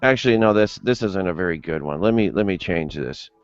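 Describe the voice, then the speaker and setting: A man's voice: low voice, expressive, fairly quick, clean tone, no room sound. A man in casual livestream chat, rambling and profane, telling a crude joke over lo-fi stream audio. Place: home livestream.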